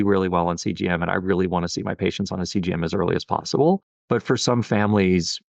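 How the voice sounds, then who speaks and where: A man's voice: deep voice, vocal fry, a little mellow, no echo, muffled recording. A middle-aged man, a pediatric endocrinologist, talking earnestly and thoughtfully in a podcast interview, often saying "you know". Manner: earnest, reflective, with many "you know" fillers.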